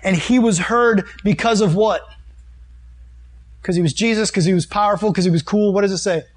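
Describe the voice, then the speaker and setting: Youth pastor type, man with a slightly high voice, casual earnest preaching, reads scripture and riffs on it. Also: moderate pace. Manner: reads and comments on scripture verses. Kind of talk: sermon. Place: meeting room with a live audience.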